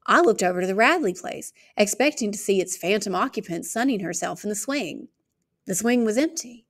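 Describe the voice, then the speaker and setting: Woman reading a book out loud, steady, kinda gravelly fry in her voice. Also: medium pitch, fairly quick. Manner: steady narration. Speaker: reader. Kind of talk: reading a novel aloud.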